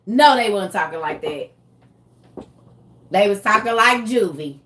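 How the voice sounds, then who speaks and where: Slow, animated woman riffing comedically. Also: mid-range voice. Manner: animated, slangy, laughs often. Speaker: comedian vlogger. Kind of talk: comedic monologue.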